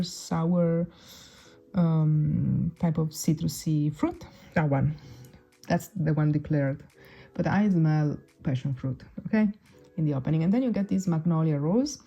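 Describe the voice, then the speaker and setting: Mellow, low-voiced woman reviewing perfumes. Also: gravelly, lo-fi sound. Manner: chatty, pauses to search for words. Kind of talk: casual fragrance review to camera.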